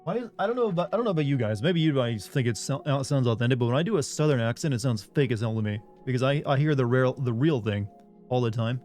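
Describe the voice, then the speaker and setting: A man's voice: medium pitch, expressive, quick pace, a little mellow, faint music behind. Rambling male streamer chatting with viewers. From US South. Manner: rambling, reads chat aloud and answers. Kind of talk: casual live-stream chat.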